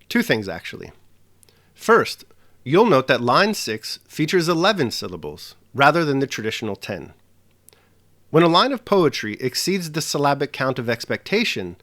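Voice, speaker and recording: Lively-voiced male literature teacher. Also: mid-range voice. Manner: explanatory, with emphatic stresses. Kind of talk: scripted lesson narration.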